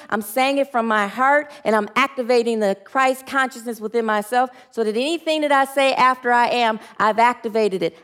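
A woman's voice: fairly high pitch, fairly bright tone. Earnest woman leading spiritual affirmations. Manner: earnest, leads call-and-response affirmations, frequent restarts. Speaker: spiritual teacher. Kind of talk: sermon with group affirmations.

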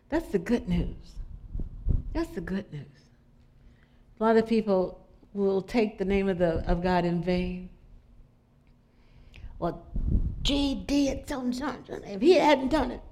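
Woman preaching in a chatty style. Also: medium pitch. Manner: conversational, animated storytelling. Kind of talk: informal sermon with anecdotes.

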